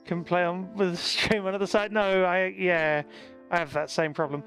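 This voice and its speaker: Chatty high-voiced male streamer. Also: fairly even intonation, moderate pace, fairly bright tone, faint music behind. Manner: chatty, answers viewers while playing. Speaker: game streamer. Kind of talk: live gameplay commentary.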